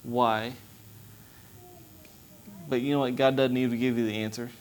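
A man's voice: mid-range voice, flat delivery, normal speed, a little hiss or hum. Impassioned man preaching a testimony. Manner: impassioned, rising to loud pleading. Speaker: missionary preacher. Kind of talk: testimony sermon.

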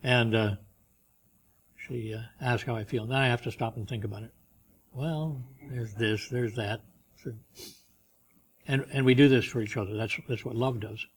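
A man preaching a sermon in a conversational way, moving between loud, emphatic reading and quiet asides. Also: mid-range voice, steady tone, normal speed, pauses often, slightly rough. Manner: reads scripture and commentaries aloud with rising emphasis. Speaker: pastor.

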